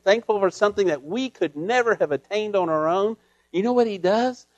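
A man preaching a sermon in an earnest way, often repeating words as he searches for them, and moving between raised lines and hushed ones. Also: high-pitched, no room sound.

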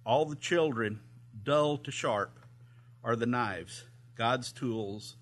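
Speaking slowly at medium pitch, a pastor retells a volunteer's camp story to his congregation during a sermon. He is hesitant, leans heavily on "uh" fillers and chuckles frequently.

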